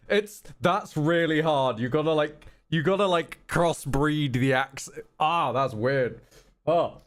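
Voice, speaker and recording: A man's voice: on the high side, takes it slowly, faint music behind. A man streaming a video game, chatting casually in a playful, crude and jokey way. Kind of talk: casual gameplay commentary.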